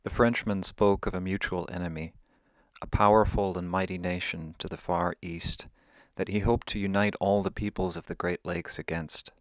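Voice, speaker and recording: Wry male storyteller, lowish voice, dry close sound. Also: steady tone, moderate pace, no echo. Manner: wry, conversational. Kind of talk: oral storytelling.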